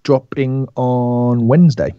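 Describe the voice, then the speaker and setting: A man's voice: mid-range voice, fairly even intonation, takes it slowly, warm tone, clean tone, no echo. A man co-hosting a casual live stream in a playful way. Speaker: podcast co-host. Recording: dry, dull lo-fi sound.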